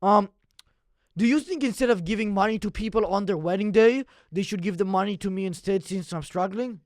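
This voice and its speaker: A man hosting a comedy podcast, asking provocative questions in a deadpan way. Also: sits high, fairly quick, no echo, studio quality. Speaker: podcast host.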